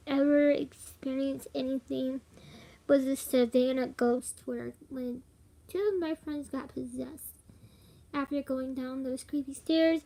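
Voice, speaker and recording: A young woman with a twang tells a spooky story straight to her audience. Her voice sits high and bright, and she rambles loosely, with plenty of "like" and little giggles. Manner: rambling, filler-heavy, giggly. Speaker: vlogger. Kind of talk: casual storytelling to camera.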